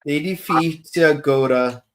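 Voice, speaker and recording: A man's voice: on the high side, unhurried, fairly bright tone. Man chiming in eagerly on a podcast. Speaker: podcast co-host. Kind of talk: casual fan chat.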